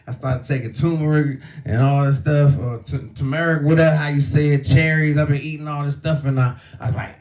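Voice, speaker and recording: A man's voice: mid-range voice, steady tone, fairly quick, a little mellow. A middle-aged male comedian telling a story in a casual, profane, conversational way. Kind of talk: stand-up storytelling.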